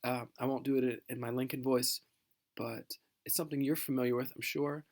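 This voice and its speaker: A man teaching a recorded history lesson in a conversational way, full of fillers and restarts, who at times reads a famous speech aloud in a measured voice. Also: mid-range voice, fairly even intonation.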